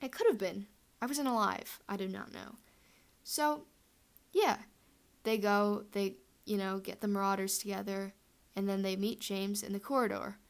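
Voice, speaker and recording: A woman's voice: medium pitch, fairly even intonation, normal speed, vocal fry. A young woman telling a fan headcanon story in a chatty, rambling way, full of fillers.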